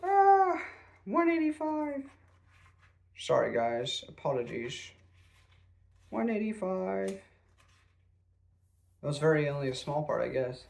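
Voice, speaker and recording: A man's voice: sits high, wildly swooping pitch, slow pace, gravelly, long pauses, darkish tone. Rambling young-sounding man reviewing a book. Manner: rambling, self-deprecating, frequent fillers.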